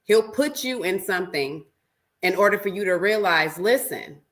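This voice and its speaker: A woman's voice: mid-range voice, expressive, moderate pace, a bit bright. A woman hosting a podcast over a video call, often breaking in to agree with her guest. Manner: affirming, frequent agreeing interjections. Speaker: podcast host. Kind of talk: casual interview.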